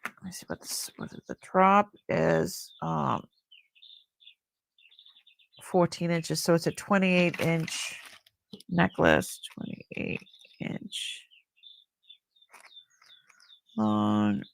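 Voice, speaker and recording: Slow-talking gravelly woman selling jewelry. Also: fairly low pitch, very animated, a little hiss or hum. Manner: chatty, rambling, admiring, many fillers. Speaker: live jewelry sale host. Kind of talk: casual live-stream selling chat.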